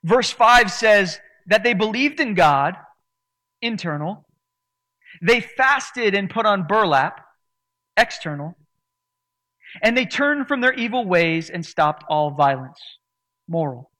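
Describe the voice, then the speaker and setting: A man delivers a sermon to his congregation with a noticeably high voice. He preaches earnestly, leaning on certain words for emphasis. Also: expressive, a little slow, hardly any pauses, pushed and bright. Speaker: pastor.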